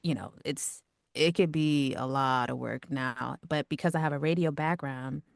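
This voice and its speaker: A woman with a low, calm voice talks casually about her work in radio and voice acting. Her speech is relaxed and natural, full of "like" and "you know." The sound is dry and close, with no room echo. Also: moderate pace, gravelly. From Long Island and Georgia. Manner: chatty, lots of "like" and "you know". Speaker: radio producer and voice actor. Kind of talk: casual interview answers.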